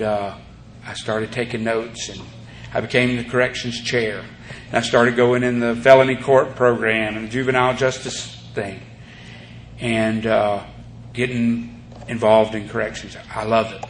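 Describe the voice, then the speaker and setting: At a recovery meeting, a man rambles through his story for the audience, saying "you know" a lot. His mid-range voice moves little in pitch and keeps a normal speed, captured on echoey room tape with faint hiss.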